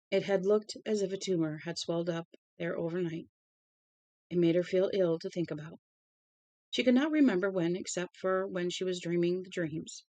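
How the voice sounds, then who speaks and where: A woman's voice: fairly low pitch, darkish tone, no echo. A woman reading a novel aloud as a storybook narrator. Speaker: audiobook reader.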